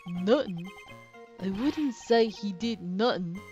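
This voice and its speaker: A woman's voice: mid-range voice, animated, slow, a little mellow, muffled recording, soft background music. A woman voicing a mild, fussy older male judge from a video game, speaking in formal courtroom phrasing. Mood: stern.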